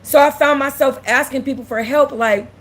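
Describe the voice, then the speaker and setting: A woman's voice: sits high, steady tone, moderate pace. A young woman, host of a casual livestream, speaking candidly and close to tears. She repeats herself and reads out and answers viewers' comments. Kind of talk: emotional casual livestream talk.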